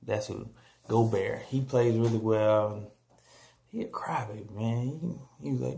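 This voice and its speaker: A man talking casually about basketball standings on his vlog, animated and joking, trash-talking teams and players. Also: fairly low pitch, a little slow, creaky. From San Antonio, Texas. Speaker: vlogger.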